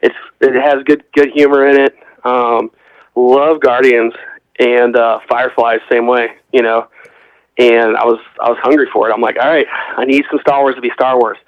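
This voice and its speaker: A man's voice: mid-range voice, little pitch movement, moderate pace, no room sound. Casual male podcast co-host, rambling storyteller, muffled dry mic. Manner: rambling storyteller, acts out quotes. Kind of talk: casual chat. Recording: dull, dry lo-fi sound.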